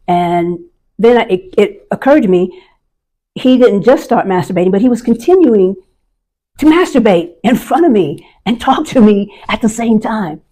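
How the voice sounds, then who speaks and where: A woman's voice: medium pitch, expressive, moderate pace, warm tone. A woman in her sixties, an army veteran, telling a personal story in a candid and emotional way. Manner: candid, emotional, vivid recounting.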